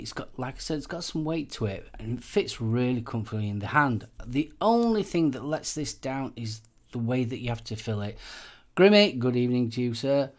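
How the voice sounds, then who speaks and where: A man from England, hosting a live stream in a chatty, rambling way with lots of fillers. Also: medium pitch. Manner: chatty, rambling, with many fillers and repeated phrases. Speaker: host of a live vaping channel show. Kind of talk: casual live-stream chat.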